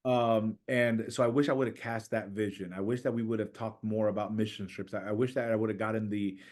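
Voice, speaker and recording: A middle-aged man, a church planter and podcast guest, telling stories in conversation and acting out quoted voices with a rising pitch. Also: fairly quick. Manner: animated, acts out quoted voices with raised pitch. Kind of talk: storytelling in conversation.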